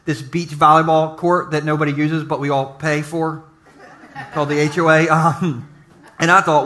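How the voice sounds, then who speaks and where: High, bright-voiced joking pastor. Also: male voice, steady tone, moderate pace. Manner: jokey storytelling with asides to the audience. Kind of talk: humorous sermon. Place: church service before a live congregation.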